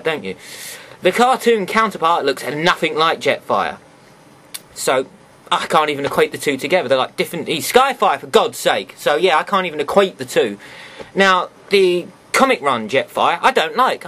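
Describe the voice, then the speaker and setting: A man's voice: a little high, a bit bright. A man chatting casually as he reviews a toy for his viewers, full of sarcastic asides.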